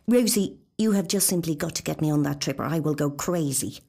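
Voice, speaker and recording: A woman voicing a pleading, excitable woman friend who talks in a high, insistent, wheedling way. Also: brisk, vocal fry.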